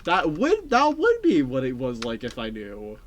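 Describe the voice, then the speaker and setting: This is a game streamer talking to chat during a live stream. The voice swings widely in pitch and sounds excitable. The talk rambles, with phrases repeated and casual swearing. Faint keyboard typing clicks away in the background. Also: a little slow, a little hiss or hum.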